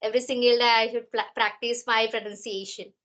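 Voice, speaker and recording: A woman's voice: on the high side, level tone, brisk, fairly bright tone. A woman, hosting a podcast interview, polite and respectful, with hesitant restarts. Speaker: podcast host.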